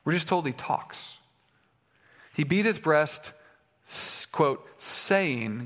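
A man's voice: a little high, animated, slow, pauses often, fairly bright tone, long reverb tail. A male pastor preaching a sermon in a conversational way, with fillers and restarts, in a church sanctuary.

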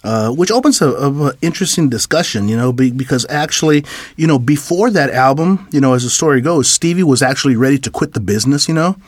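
A man's voice: medium pitch, lively intonation, fast talker, no echo, clean studio sound. A man hosting a radio interview, laughing along and asking long winding questions. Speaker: radio host.

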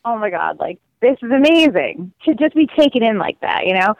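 A woman guest telling stories in a casual, lively way, full of "like" and acted quotes. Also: fairly high pitch, fairly quick, no echo, lo-fi sound. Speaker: guest describing her cross-country walk. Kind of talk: casual storytelling.

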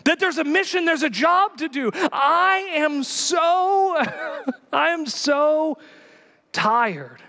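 A male pastor preaching passionately, swinging from hushed lines to loud exhortation. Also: very high-pitched, expressive, slow. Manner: passionate, builds to shouting exhortations. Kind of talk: sermon. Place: church. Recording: long reverb of a church hall.

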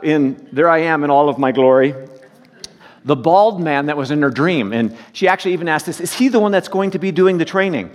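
A man's voice: on the high side, big-room sound. A man preaching a sermon as pastor, folksy and joking as he tells stories.

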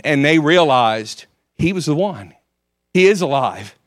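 A man's voice: a little high, expressive, measured pace, no echo, clean studio sound. A man preaching a sermon, earnestly quoting scripture. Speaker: pastor.

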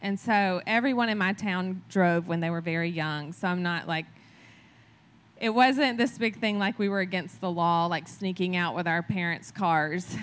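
A woman's voice: on the low side, smooth. A woman giving a casual sermon, speaking in a chatty, conversational way and often asking her listeners "right?" as she tells a story from her farm upbringing. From rural farm community. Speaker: church speaker.

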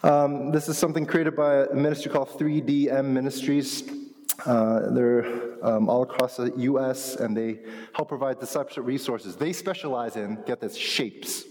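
A man's voice: medium pitch, moderate pace. Man preaching casually in a reverberant hall. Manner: conversational, animated teaching with asides. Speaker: pastor. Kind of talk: sermon.

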